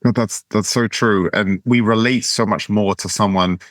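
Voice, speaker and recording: A male podcast host with a low-pitched voice asks questions hesitantly, restarting his phrases often. The sound is dry and close to the mic. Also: steady tone, normal speed, no room sound. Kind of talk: conversational podcast interview.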